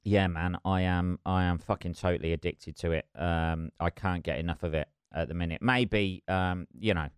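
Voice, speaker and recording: A man's voice: low-pitched, steady tone, moderate pace, few pauses, clean tone, dry recording, studio quality. A middle-aged man hosting his solo podcast, rambling, sweary and self-mocking. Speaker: podcast host. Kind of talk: casual solo podcast chat.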